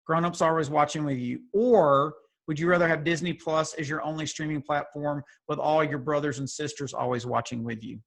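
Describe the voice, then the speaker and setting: A man with a somewhat high voice hosts a casual video call. He talks in a playful, teasing way and drifts into chatty asides. The sound comes through a video call mic. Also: fairly even intonation, fairly quick, gravelly, hardly any pauses. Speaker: youth group leader.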